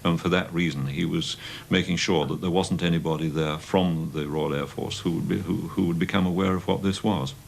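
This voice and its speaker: A man in an archival interview, speaking in a measured, reflective way. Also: low-pitched, steady tone, gravelly, slight background noise.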